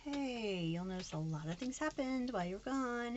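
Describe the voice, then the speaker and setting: A woman's voice: on the high side, lively intonation, fairly quick, hardly any pauses, darkish tone, muffled recording, slight background noise. A woman chatting casually to camera while she decorates her planner, frank and a little frustrated. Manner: chatty, frustrated, slips into put-on voices. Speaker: planner vlogger.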